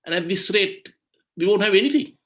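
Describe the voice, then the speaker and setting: A man with a voice pitched a touch high addresses a webinar over a video call. He speaks with indignation and fires off rhetorical questions. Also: animated, fairly quick, a bit bright. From Sri Lanka. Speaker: webinar speaker on environmental law. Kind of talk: impassioned webinar talk.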